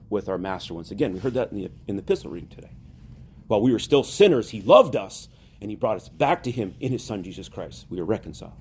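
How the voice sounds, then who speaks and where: A man giving a conversational sermon as a priest, animated and chatty, laughing now and then. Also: medium pitch, husky.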